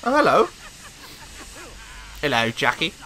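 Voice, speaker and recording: A man casually commentating on his own gameplay, sweary and excitable, talking back to the characters on screen. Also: fairly high pitch, slow. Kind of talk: casual let's-play commentary.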